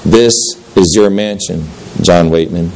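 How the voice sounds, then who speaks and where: A man voicing a solemn heavenly gatekeeper who speaks in a low, distinct, calm and measured way. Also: slight background noise, natural voice, poor audio. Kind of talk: dramatic reading of a story.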